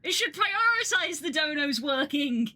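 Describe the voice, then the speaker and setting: A woman streamer in casual live-stream chat, excitable and laughing often. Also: sits high, a little slow.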